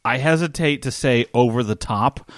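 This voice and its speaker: Male co-host, mid-pitched, dry close mic, enthusiastic and quick to agree. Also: no echo. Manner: enthusiastic, reacts with short agreements. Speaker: podcast co-host. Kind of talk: casual recap chat.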